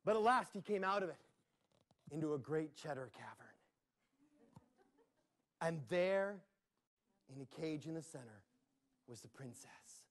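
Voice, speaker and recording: A man telling a playful tale to children at a library, with sound effects and asides. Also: a little high. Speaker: storyteller. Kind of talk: live storytelling for children. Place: public library.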